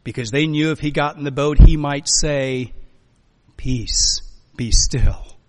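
A man preaching a sermon as a pastor, emphatic, swinging between loud urging and quiet, soft lines. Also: a little high, fairly even intonation, moderate pace. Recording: long hall reverb.

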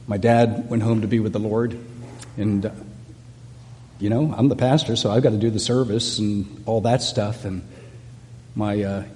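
A middle-aged pastor preaches in a church sanctuary, earnest and conversational, circling back over his words as he goes. His voice is mellow and rather dark in tone, and it rings out with a long reverb through the hall. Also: fairly low pitch, slight background noise. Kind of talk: sermon.

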